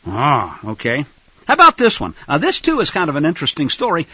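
A man preaching in an animated, rhetorical style, addressing listeners as folks, on a dull lo-fi recording. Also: medium pitch, fairly quick, slightly rough, dry recording. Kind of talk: sermon-style Bible teaching.

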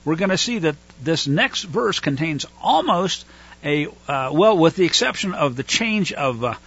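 Lively, bright-voiced male Bible teacher. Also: on the high side, normal speed, husky, dull audio. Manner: explains Hebrew words, thinks aloud with fillers.

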